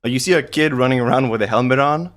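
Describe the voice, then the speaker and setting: A man's voice: fast, a bit bright. A man co-hosting a casual podcast, teasing and joking with his friend. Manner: playful, mimics his co-host in high squeaky voices. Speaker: podcast co-host. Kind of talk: casual chat.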